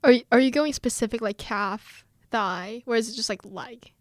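Higher-voiced woman, quizzical podcast co-host. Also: normal speed, dry recording, studio quality. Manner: questioning and laughing. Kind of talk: casual chat.

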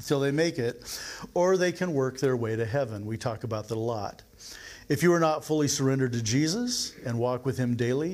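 A man's voice: medium pitch, a little mellow. A middle-aged man preaching a sermon in a church, talking conversationally and asking the congregation questions. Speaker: pastor.

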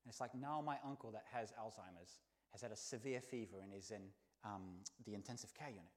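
A man preaching a sermon in a church, telling the story with lively swings between soft, hushed lines and loud exclaims. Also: on the low side, a little fast. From not from the country where he preaches.

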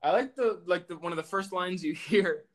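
A young man co-hosting a casual chat with friends, animated and laughing, often quoting lines in put-on voices. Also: high voice, normal speed.

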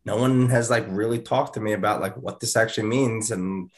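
A man's voice: fairly low pitch, fairly quick. A man chatting casually on a podcast over a video call, rambling with lots of fillers. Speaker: podcast co-host. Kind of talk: casual chat. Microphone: video call mic.

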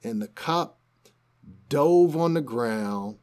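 A man's voice: medium pitch, lively intonation, slow pace, a little mellow. A man co-hosting a podcast, casually retelling a news story and acting out the quotes. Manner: conversational storytelling, acts out quotes. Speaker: podcast co-host.

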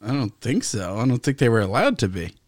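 A man's voice: mid-range voice, very animated, a little fast, no room sound, studio quality. A man co-hosting a casual podcast, talking animatedly with heavy profanity and frequent laughter. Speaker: podcast co-host. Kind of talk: casual chat.

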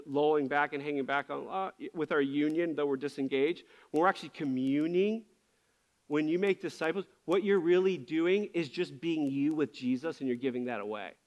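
Male pastor, high voice, candid and passionate sermon delivery.

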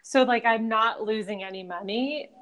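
A young woman co-hosting a podcast from a remote call, animated and rambling, often laughing. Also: on the high side, normal speed. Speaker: podcast co-host. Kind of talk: casual chat.

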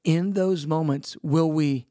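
A man's voice: on the high side, slow, warm tone, dry recording, clean studio sound. A man co-hosting a casual Bible discussion. He exhorts listeners earnestly and retells scripture in everyday speech.

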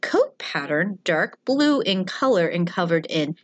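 A woman's voice: on the low side, big pitch swings, unhurried, no echo. A woman co-hosting a casual podcast chat, telling stories and laughing often. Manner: chatty storyteller, laughs often.

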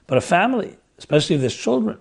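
A man giving an earnest religious talk on relationships, his voice going hoarse, explaining with lists and repetition. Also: high voice, big pitch swings, rapid-fire. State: losing his voice. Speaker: speaker on relationships.

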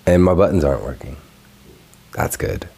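This is a very deep, creaky male voice with a breathy edge, talking at normal speed. The young man hosts his own video and rants casually, profanely and with animated exasperation about something that bugged him online, recorded solo at home.

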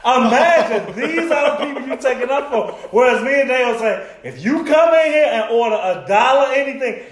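Man, very high voice, playful arguing, laughs through lines, roomy sound. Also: expressive, normal speed. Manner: joking, argumentative, laughs while talking. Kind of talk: casual chat. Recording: roomy room.

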